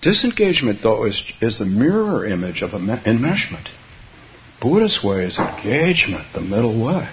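A man's voice: medium pitch, big pitch swings, normal speed, a little hiss or hum. A man from California giving a Zen dharma talk, musing aloud with frequent chuckles and restarts. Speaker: Zen teacher. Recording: dull lo-fi recording.

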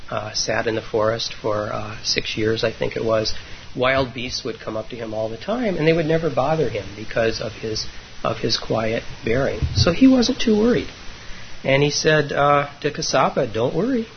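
A male meditation teacher with a mid-pitched voice gives a gentle, unhurried dharma talk full of hesitations. The recording is dull and lo-fi, muffled with faint hiss.

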